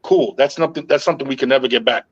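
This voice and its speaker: A middle-aged man hosting a podcast, telling stories in a calm, even tone with frequent "yo" and swearing. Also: medium pitch, fast, dull audio. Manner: calm, even-tempered storytelling with frequent "yo" and profanity. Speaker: podcast host. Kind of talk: casual podcast chat.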